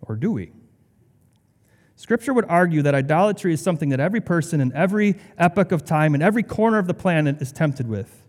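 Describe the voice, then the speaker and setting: A man's voice: a little high, lively intonation, quick pace, a little mellow, big-room sound. A male pastor delivering a sermon in a conversational way, with sarcastic asides.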